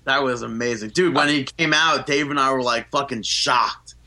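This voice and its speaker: A man with a bright, forceful edge to his voice, talking in a casual podcast chat. He swears often and keeps stumbling over filler words like "like". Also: medium pitch, normal speed. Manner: swears a lot, says "like" often. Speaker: podcast co-host.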